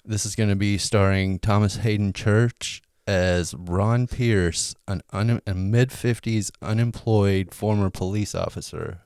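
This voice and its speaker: A man co-hosting a comedy podcast, easygoing and dry, reading his pitch and asking questions. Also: fairly even intonation, measured pace, hardly any pauses, a little mellow, clean tone, dry recording. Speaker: podcast co-host. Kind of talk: casual chat, reading a pitch.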